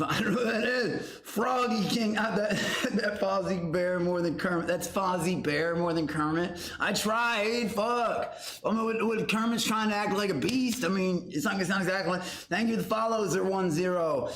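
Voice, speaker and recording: A young man hosting a livestream from his garage, loud and profane, shouting out names from chat. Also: fairly high pitch, slight background noise. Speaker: livestream host. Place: home garage. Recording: roomy garage echo.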